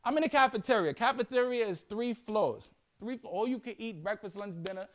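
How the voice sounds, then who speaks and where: Animated young New York man telling stories. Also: high voice, fairly quick. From Yonkers, New York. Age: young adult. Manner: animated, slangy, playful storytelling. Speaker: guest speaker. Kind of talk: storytelling talk to students. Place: school classroom.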